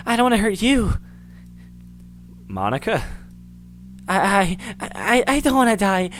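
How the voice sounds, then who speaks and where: A man's voice: high-pitched, a bit bright, pitched above the performer's own voice, full character voice. A man doing a sobbing, terrified young woman. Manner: stammering, sobbing pleas. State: crying. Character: panicked young woman, terrified of being deleted.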